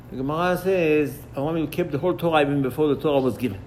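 Male rabbi, slightly high voice, animated lesson style, acts out dialogues. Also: racing, few pauses, slight background noise. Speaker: rabbi teaching Torah. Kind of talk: Torah lesson.

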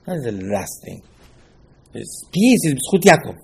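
A man giving a Torah class as a rabbi, in halting, with emphatic restarts. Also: fairly high pitch, very animated, a little mellow, slightly rough. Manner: non-native English, halting restarts, rising emphasis.

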